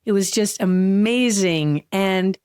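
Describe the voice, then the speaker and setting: A woman hosting a solo podcast, talking candidly and with heartfelt, gentle emotion. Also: mid-range voice, slow pace, clean tone, no room sound, studio quality. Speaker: podcast host.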